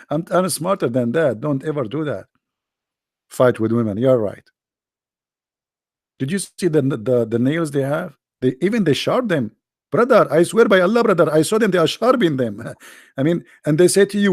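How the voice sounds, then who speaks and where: Gravelly-voiced man joking around. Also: fairly high pitch, expressive, normal speed, long pauses, a little mellow, no room sound, studio quality. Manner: teasing, rambling, non-native phrasing. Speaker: chat room speaker. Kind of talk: joking comedic chat.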